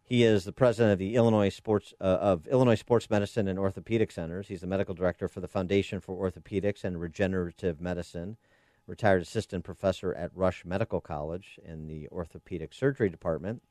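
A man's voice: sits low, steady tone, quick pace, mellow, no echo, studio quality. A man hosting a talk radio show, delivering opinionated commentary and firing off repeated rhetorical questions.

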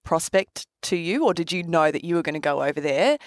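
A woman interviewer with a slightly low voice puts measured, probing questions to her guest. The recording is dry and close. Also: animated, dry recording.

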